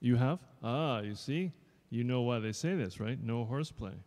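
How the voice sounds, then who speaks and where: A man in his fifties chats loosely with a live audience, rambling through stories and tossing them jokes. His voice is mellow and of middling pitch, and it rings out with a long reverb in a showroom. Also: normal speed. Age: 50s. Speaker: actor. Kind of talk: casual talk to a live audience.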